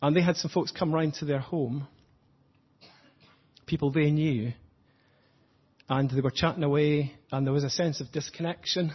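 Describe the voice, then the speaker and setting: Husky-voiced male preacher, lo-fi. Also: on the high side. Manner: earnest, reflective, slows for emphasis. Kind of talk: sermon.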